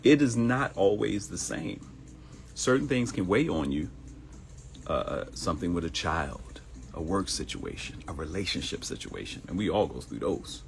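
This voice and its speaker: Deep-voiced man preaching on a live show. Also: sing-song, normal speed, gravelly. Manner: preachy and conversational, addresses listeners as y'all; also performs comedy, acts out quoted voices. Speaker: host of a live morning show. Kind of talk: motivational live-stream monologue. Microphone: streaming live.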